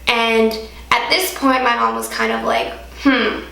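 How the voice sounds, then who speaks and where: A woman's voice: fairly high pitch, big pitch swings, measured pace, gravelly, bright, forceful tone. A young woman from Alaska, telling a personal story to camera in a chatty vlog style, full of "like". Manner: chatty, heavy use of "like". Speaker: vlogger. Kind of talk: casual story-time monologue. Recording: echoey room.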